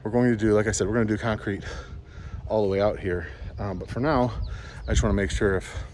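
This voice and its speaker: A man with a fairly low voice talks casually to his camera outdoors, wandering from point to point in a rambling, easygoing way. The sound is plain action-camera audio with a faint hum of noise behind him. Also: steady tone, fairly quick, darkish tone. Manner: rambling, easygoing, explaining as he goes. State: out of breath. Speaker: homesteading vlogger. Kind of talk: casual vlog walkthrough. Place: outdoors at a barn and driveway.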